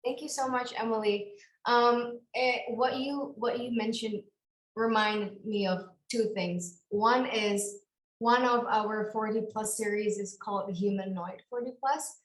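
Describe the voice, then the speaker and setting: Friendly, halting woman presenter on a video call with a roomy echo. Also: a little high, steady tone, slight background noise. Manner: friendly, hesitant, many fillers. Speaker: webinar presenter.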